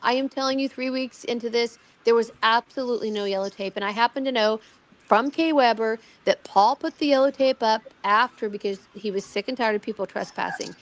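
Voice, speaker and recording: Middle-aged woman, higher voice, casual storyteller, animated, restarts often, acts out the quotes. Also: brisk, slight background noise. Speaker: guest recounting a personal experience.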